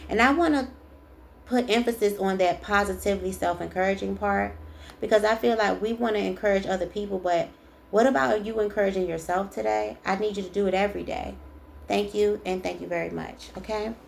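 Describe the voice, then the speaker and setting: A woman with a gravelly, creaky edge gives a tarot reading in a chatty, emphatic way. She reads card texts aloud and then drives the point home in her own words. A faint noise hums under the recording. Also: medium pitch, brisk. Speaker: tarot reader. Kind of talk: casual spiritual card reading.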